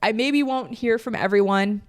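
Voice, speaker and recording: A woman's voice: on the high side, normal speed, no echo, clean studio sound. A woman hosting her own podcast, talking candidly and emotionally in a casual heartfelt monologue and swearing freely. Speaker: podcast host.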